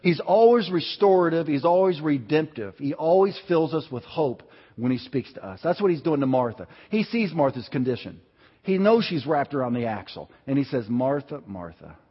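A man preaching a sermon with a fairly high, husky voice. He talks in a lively, conversational way, swinging between loud and soft. The sound is dull and muffled, and it rings with long reverb from a large hall. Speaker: pastor.

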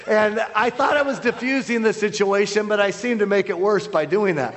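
A man who is a guest preacher, telling a story in a sermon, loud, with many repeated restarts. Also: very high-pitched, fairly even intonation, normal speed, hardly any pauses. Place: church hall. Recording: long hall reverb.

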